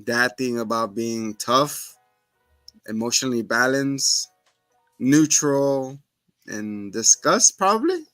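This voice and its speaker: A man's voice: mid-range voice, lively intonation, takes it slowly, fairly bright tone, no room sound, faint music behind. A man co-hosting a podcast, casually rambling through scene recaps and acting out quotes. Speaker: podcast co-host. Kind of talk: casual chat.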